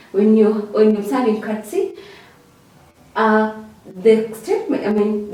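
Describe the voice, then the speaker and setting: A woman teaching an English revision lesson, repeating key words and checking in with a high "okay?" after each point. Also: warm tone. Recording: echoey room, voice far from mic.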